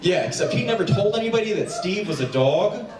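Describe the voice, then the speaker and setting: Male stand-up comic from New Jersey, animated crowd work, roomy distant theater recording with audience noise. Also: sits high. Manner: quick crowd work, animated voices for pets. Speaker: stand-up comedian. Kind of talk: stand-up comedy set. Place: theater stage before a packed house. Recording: echoey stage sound from far off, audience noise.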